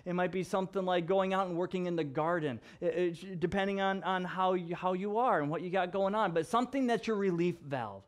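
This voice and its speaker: Chatty, jokey middle-aged man pastor, high voice, casual vlog delivery. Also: brisk, hardly any pauses. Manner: chatty, jokey, laughs often. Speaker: pastor and professor. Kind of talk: casual devotional vlog talk.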